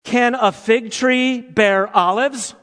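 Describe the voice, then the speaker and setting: A man preaching a sermon to his congregation in an animated, playful way, asking them rhetorical questions. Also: very high voice, takes it slowly. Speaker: pastor. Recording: long hall reverb.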